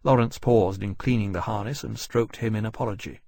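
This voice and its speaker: A man reading an audiobook in a measured, even storytelling manner. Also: lowish voice, vocal fry. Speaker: audiobook narrator. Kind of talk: scripted narration.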